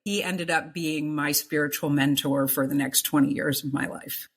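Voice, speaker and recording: A middle-aged woman with a deep, low voice speaks as a guest in an interview. She tells her personal story of faith earnestly, pressing her points and repeating words for emphasis. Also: steady tone, moderate pace, husky. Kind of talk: emotional personal testimony.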